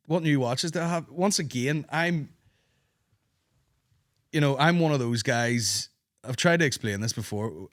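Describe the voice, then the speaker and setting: A man, hosting a podcast and telling a long comic story in casual, sweary, animated chat. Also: mid-range voice, dry recording, studio quality. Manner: sweary, animated, quick asides. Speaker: podcast host.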